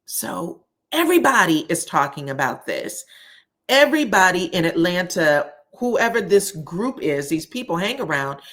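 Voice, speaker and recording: A woman's voice: lowish voice, big pitch swings, measured pace, a bit bright. A woman recapping a reality TV episode in a chatty, opinionated way, talking straight to her viewers. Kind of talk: casual recap vlog.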